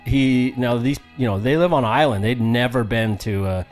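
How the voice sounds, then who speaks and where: In casual storytelling chat on a podcast, a thirty-something co-host raised in Samoa rambles, laughs, and swears frankly. His voice is medium in pitch at a normal speed, with faint music in the background.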